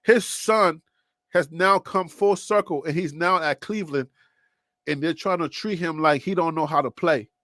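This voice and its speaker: A man's voice: a little high, moderate pace, fairly bright tone, no echo. A man hosting a sports talk show, speaking casually and repeating himself as he builds his point.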